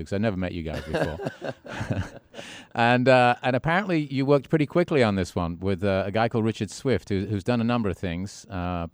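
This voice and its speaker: A man's voice: low-pitched, smooth, no room sound. A man hosting a radio interview in a studio, chatty and teasing, with a mock British-Australian accent. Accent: mock British-Australian put-on. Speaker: radio host. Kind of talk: casual interview chat.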